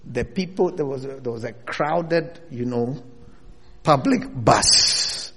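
A man preaching a sermon in an animated way, rising to loud bursts as he presses his points. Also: mid-range voice, slow, slightly rough. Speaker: pastor. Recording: long hall reverb.

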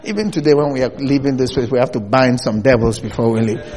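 A man preaching a sermon in an animated way, rising to loud bursts as he presses his points. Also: medium pitch, fast talker. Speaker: pastor. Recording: long hall reverb.

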